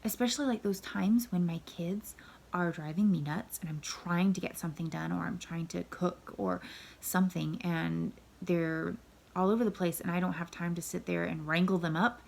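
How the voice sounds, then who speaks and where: Tired gravelly-voiced woman vlogger. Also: lowish voice, fairly even intonation, normal speed. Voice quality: gravelly, husky. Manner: candid, rambling, self-critical, often drops to a near whisper. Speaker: vlogger, mother and wife. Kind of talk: casual confessional vlog.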